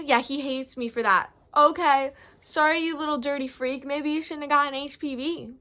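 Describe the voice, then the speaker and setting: A woman's voice: high-pitched, fairly even intonation, normal speed, pushed and bright. A young woman vlogger casually telling a story to camera, rambling and goofy, full of slang and filler words.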